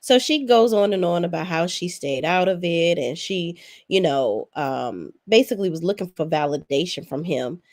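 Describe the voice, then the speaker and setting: Her voice is lowish and animated, moving at normal speed with hardly any pauses and a darkish tone. She offers sassy, profanity-heavy recap commentary on a reality show, casual and blunt, talking as though directly to the cast.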